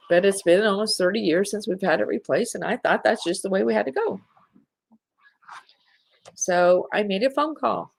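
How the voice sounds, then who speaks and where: A woman's voice: medium pitch, gravelly. A middle-aged woman hosting a live spiritual talk show, speaking in an earnest, heartfelt way to her listeners.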